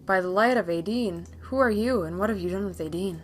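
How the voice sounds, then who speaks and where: A woman voicing an ancient, weary tree spirit in a video game, speaking slowly and solemnly. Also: mid-range voice, slight background noise, close to an everyday voice. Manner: slow, hushed, solemn.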